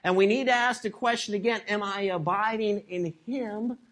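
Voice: mid-range voice, moderate pace, a bit bright. A pastor preaching a sermon emphatically, repeating key phrases and asking the congregation rhetorical questions.

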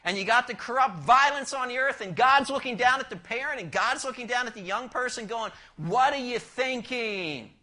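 A man delivers a sermon in a bright, cutting voice. He explains the text verse by verse and keeps asking his listeners questions. His volume swings from forceful emphasis down to a hushed near-whisper. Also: very high-pitched, fairly quick, hardly any pauses. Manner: asks the listeners rhetorical questions. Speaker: preacher. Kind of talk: expository sermon.

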